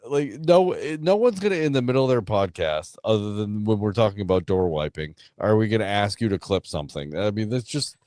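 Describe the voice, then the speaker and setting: This is a man co-hosting a casual podcast, his voice sitting low but moving a lot in pitch. He laughs often and stumbles over his openings. The recording is dry and close to the mic. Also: a little fast, few pauses, no echo. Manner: lively, laughs often, stammering restarts. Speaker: podcast co-host. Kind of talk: casual chat.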